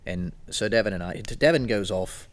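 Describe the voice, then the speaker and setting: A man's voice: lowish voice, moderate pace. A man co-hosting a podcast, telling a meandering story in a loose, casual way. He laughs often and slips into other people's voices when he quotes them. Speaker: podcast co-host. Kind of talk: casual chat.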